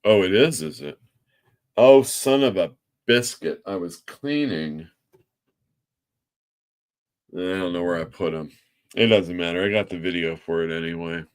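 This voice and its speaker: A man's voice: low voice, normal speed, long pauses, smooth. A man hosting a livestream show as a comic shop owner, chatty and self-mocking. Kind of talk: casual livestream talk.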